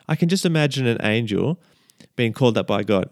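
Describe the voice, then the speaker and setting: A male podcast host with a medium-pitched, expressive voice speaks briskly in a dry, clean studio recording. His casual devotional podcast is chatty, and he repeats his key lines while checking in with listeners.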